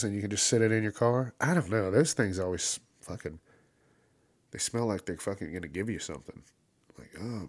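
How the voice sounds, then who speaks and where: A man hosting a casual solo podcast, ranting profanely and laughing at his own jokes, with loud mocking put-on voices for the people he quotes. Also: low-pitched, no room sound. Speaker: podcast host.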